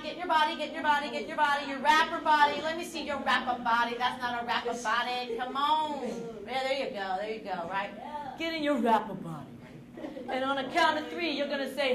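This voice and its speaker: A woman with a high, bright-sounding voice runs a classroom drama exercise, prompting and praising students at a brisk, encouraging clip. The room is echoey, with a crowd of kids and background noise all around her. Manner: energetic, coaching, encouraging. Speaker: drama teacher. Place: school classroom.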